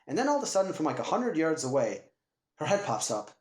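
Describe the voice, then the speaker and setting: A man co-hosting a casual movie podcast, retelling scenes with lively acted-out quotes. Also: fairly high pitch, fast talker. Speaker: podcast co-host. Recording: roomy echo.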